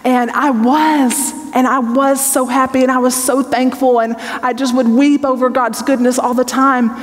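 Her voice is high and level in tone, moving at a normal speed, as this woman in her forties, a Bible teacher, delivers a heartfelt testimony sermon in a conversational way. She frequently checks in with the audience filling a large hall, where a long reverb lingers.

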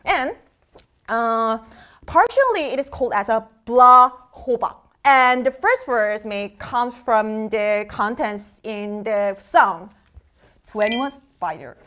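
A woman's voice: fairly high pitch, expressive, slow, bright, forceful tone, smooth. A young woman hosting a live quiz show, bubbly and playful, laughing often between clues.

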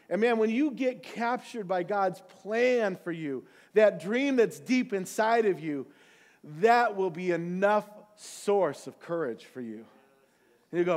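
A man preaching a sermon as pastor, passionate, swinging from quiet, quick asides to loud, drawn-out peaks. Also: sits high, expressive. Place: church sanctuary.

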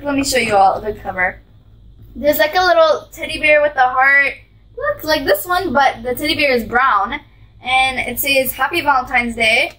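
A woman's voice: high voice, sharp tone, distant mic, rough recording. A female vlogger chatting sweetly through a gift unboxing, gushing over each item as she describes it.

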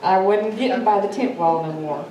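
A woman's voice: medium pitch, moderate pace, mellow. A woman adding to a story in a plain, casual way. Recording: echoey room, mic at a distance, faint noise.

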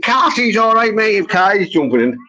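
A man's voice: high-pitched, very animated, normal speed, sharp tone, no room sound. A man arguing hotly on a livestream panel, hurling sweary insults. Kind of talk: heated livestream argument. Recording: dull lo-fi stream audio.

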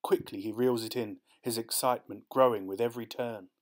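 A man reading a children's storybook aloud in a steady, clear voice. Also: medium pitch, fairly quick. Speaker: storybook narrator.

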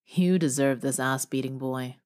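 A woman voicing a gruff, dry-humored male shifter ally in an audiobook. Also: very deep voice, moderate pace, a little mellow.

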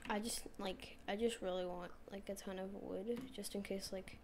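A woman's voice: mid-range voice, fairly even intonation, moderate pace, a little hiss or hum. A woman giving rambling, casual commentary as she plays a game, chatting away and talking to the animals she meets. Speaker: gameplay streamer.

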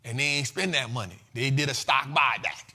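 A man hosting a casual finance show, talking in a loose, slangy, animated way and laughing often. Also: medium pitch, fairly quick, husky.

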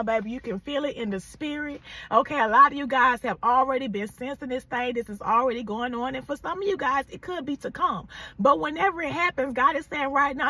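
Fervent high-voiced woman preacher. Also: bright, forceful tone, no room sound, recorded from a distance. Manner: fervent, calls listeners "baby" and "y'all", urges call-and-response. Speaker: prophetic preacher. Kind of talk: prophetic word sermon.

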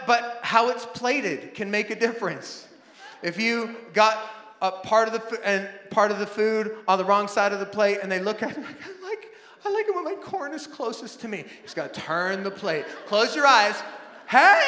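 Animated pastor, high bright voice. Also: male voice, moderate pace. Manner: animated, acts out family scenes in shouted voices. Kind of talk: sermon with storytelling. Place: large church auditorium. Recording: echoey hall with long reverb.

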